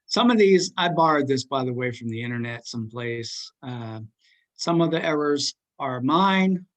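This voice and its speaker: A man's voice: mid-range voice, animated, moderate pace. A man teaching a class in a casual, rambling way, joking with his students and using lots of fillers.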